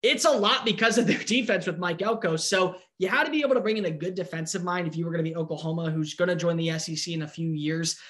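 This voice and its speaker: A man giving an opinionated, animated breakdown in casual sports talk. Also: high voice, quick pace, hardly any pauses. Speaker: sports analyst.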